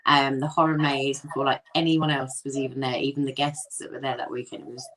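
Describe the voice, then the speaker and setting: Low-voiced chatty North London woman. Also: level tone, fairly quick, fairly bright tone, a little hiss or hum. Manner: chatty, laughs often, lots of ums. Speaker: ghost hunt company owner, guest. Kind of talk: casual interview chat.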